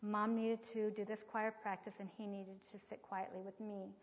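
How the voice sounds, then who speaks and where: A middle-aged woman giving an earnest teaching talk with a personal story, soft-spoken and often sinking to a near whisper. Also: mid-range voice, level tone, normal speed. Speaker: speaker on child training. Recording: dull lo-fi sound with long hall reverb.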